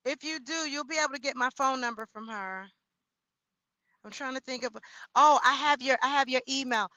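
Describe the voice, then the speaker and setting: Speaking fairly quickly in a high voice, this livestream host is recorded with no room sound and poor audio. She reads comments in a casual chat, loud and expressive, tossing slangy asides directly at her viewers.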